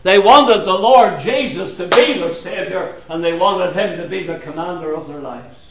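A man preaching a sermon in a slow, deliberate way, with sudden drops to a hushed voice. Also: sits high, heavy background noise.

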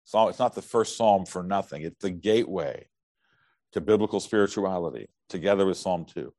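A middle-aged male pastor preaching with lively, storytelling energy, slipping into quick character voices for humor. His voice sits on the low side, and the recording is close and dry with no room sound. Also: no echo. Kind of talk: sermon.

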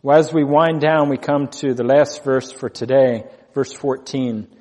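A man's voice: mid-range voice, steady tone, a little slow, a little mellow, big-room sound. A man preaching a sermon as pastor, earnest, repeating key phrases for emphasis.

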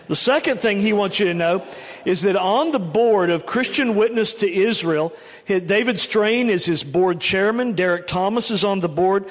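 Male pastor, high voice, brisk introduction, long church echo. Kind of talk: introducing a speaker. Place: church sanctuary. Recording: long reverb of a church hall.

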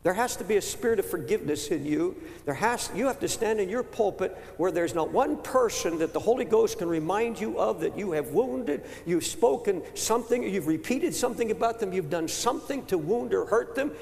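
An older man preaching with fervor, his voice pitched high and rough with fry. He stumbles over repeated words, then builds to full shouts. The sound rings through a large hall with a long echo. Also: animated. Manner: impassioned, rising to shouts, halting repetitions. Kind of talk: sermon. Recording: echoey hall with long reverb.

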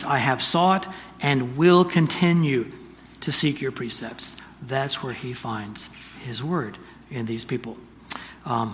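An older man giving a sermon, telling a personal story in an earnest, halting way with restarts. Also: mid-range voice, a bit bright, a little hiss or hum. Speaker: pastor. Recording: distant reverberant hall, faint ambience.

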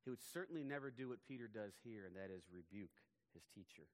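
A pastor preaching a sermon, earnest and emphatic. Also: male voice, on the low side, lively intonation, fast talker. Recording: long hall reverb.

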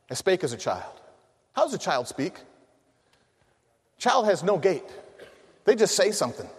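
A middle-aged preacher with a high voice for a man delivers a sermon to a room of men. He spins humorous family stories, acting out voices as he goes. A long hall reverb trails his words.

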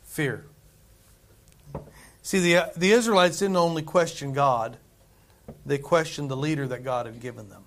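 A man's voice: a little high, measured pace, long pauses, a bit bright. A man preaching a conversational sermon, repeating phrases for emphasis. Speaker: pastor.

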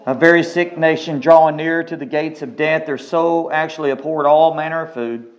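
Male pastor, high voice, emphatic sermon delivery with call-and-response amens. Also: steady tone, normal speed. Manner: emphatic, calls for amens, repeats phrases. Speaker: preacher.

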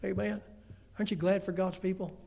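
This older male pastor has a high, gravelly voice and a brisk delivery as he preaches. His sermon is lively storytelling about family, sprinkled with humorous asides, heard through a long hall reverb.

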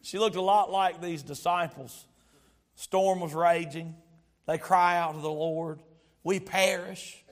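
A man's voice: on the high side, fairly even intonation, measured pace. A man preaching a sermon as a pastor, stretching out key words for emphasis and telling stories with humor. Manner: storytelling with humor.

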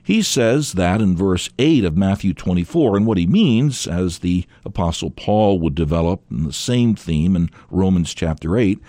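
A man's voice: low voice, lively intonation, moderate pace, hardly any pauses, dark tone, no echo. A man teaching a radio sermon in an earnest, emphatic way, leaning hard on key words.

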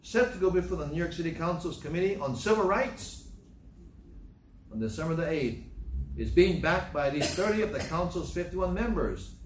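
A man's voice: on the high side, lively intonation, normal speed. A man giving a moralizing talk, telling stories in a repetitive, emphatic way with sarcastic asides. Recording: roomy, distant mic with faint noise.

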